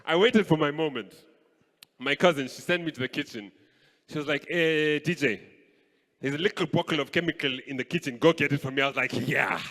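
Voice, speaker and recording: A man doing a live stand-up routine, acting out his family's voices in animated bits. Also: fairly high pitch, brisk. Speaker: stand-up comedian. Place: live comedy stage at an arts festival. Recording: echoey hall.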